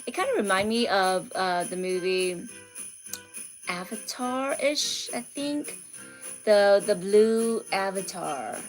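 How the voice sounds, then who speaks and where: Over soft background music, a woman with an animated, medium-pitched voice speaks slowly. She hosts an art livestream, chatting casually, reading viewer comments aloud and drifting into soft near-whispers.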